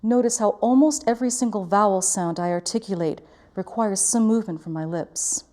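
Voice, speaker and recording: Woman voice teacher, warm mellow tone, careful precise articulation. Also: mid-range voice, a little fast. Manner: clear, careful articulation, demonstrating vowels. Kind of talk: diction lesson.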